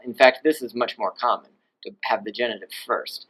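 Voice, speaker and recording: A man teaching Latin in a video lesson, explaining grammar and swooping his pitch up and down to demonstrate pronunciation. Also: lively intonation, normal speed, rough recording.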